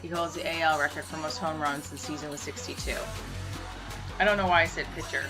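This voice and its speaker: A woman's voice: deep voice, steady tone, brisk, over music. A young woman rambling casually through a home livestream, chatting and answering comments with the odd swear word. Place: room at home.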